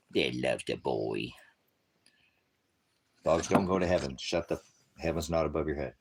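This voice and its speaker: Low-voiced guy on a livestream, jumpy sing-song delivery, rambles and jokes, talks baby talk to his dogs. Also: expressive, unhurried, gravelly, long pauses, a little hiss or hum. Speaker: livestream host. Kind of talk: casual livestream chat.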